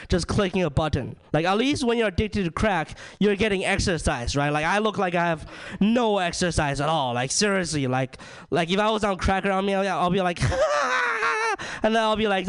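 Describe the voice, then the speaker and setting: A man's voice: high-pitched, clear, resonant tone. A young man from China doing a ranting, self-deprecating stand-up comedy set, leaning on "like" and "right?". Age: young adult.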